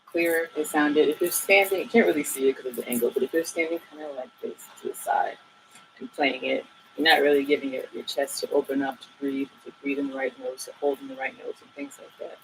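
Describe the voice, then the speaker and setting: A woman teaching saxophone in a relaxed, chatty way, with many fillers and asides. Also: a bass voice, brisk, a little hiss or hum, low-quality recording. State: a bit out of breath at times. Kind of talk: casual tutorial talk.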